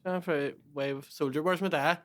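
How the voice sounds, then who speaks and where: A man's voice: on the high side, fairly even intonation, quick pace, fairly bright tone. A man co-hosting a podcast, telling laid-back anecdotes with casual swearing. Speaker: podcast co-host. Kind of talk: casual comedic chat.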